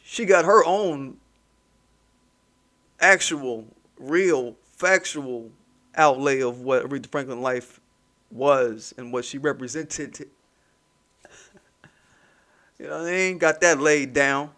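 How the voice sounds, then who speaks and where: A man's voice: medium pitch, slow pace, long pauses, fairly bright tone. A man hosting his own commentary channel, ranting in a heated, mocking, profane way and repeating points for emphasis.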